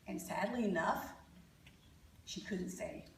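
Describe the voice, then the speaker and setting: A woman giving a conference talk, an animated storyteller who coaches parents and jokes with her audience. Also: lowish voice, slow pace, gravelly, echoey room, distant mic, slight background noise, low-quality recording. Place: conference hall.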